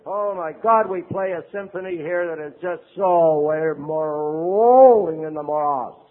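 An older man, a priest, giving a lively recovery talk to an audience, acting out quotes and asking "right?". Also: on the high side, phone-quality sound. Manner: animated storyteller, acts out quotes, asks the audience "right?".

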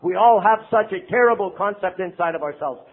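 Older male priest, high husky voice, lively recovery talk, tinny lo-fi sound. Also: brisk. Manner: animated storyteller, acts out quotes, asks the audience "right?".

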